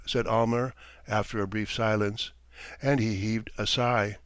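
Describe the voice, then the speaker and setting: A man narrating a classic short story as an audiobook reader, in an even, unhurried way. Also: fairly low pitch, no echo. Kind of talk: scripted narration.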